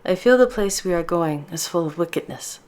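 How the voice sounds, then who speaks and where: A woman reading as a nervous young Russian woman, her accented voice low and uneasy. She pleads quietly, fearful and tense. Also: animated, brisk, lightly acted. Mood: worried.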